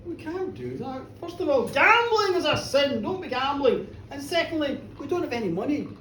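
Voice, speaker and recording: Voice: high-pitched, very animated, moderate pace, fairly bright tone, slight background noise. A storyteller voicing a cautious poor old father, stern and fretting, told live in a bar. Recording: roomy, distant live bar recording.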